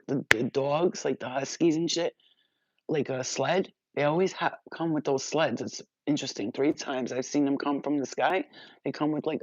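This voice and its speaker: Profane, animated woman vlogger. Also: sits low, no echo, lo-fi sound. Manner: profane, animated, laughs often. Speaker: spiritual vlogger. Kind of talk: casual storytelling.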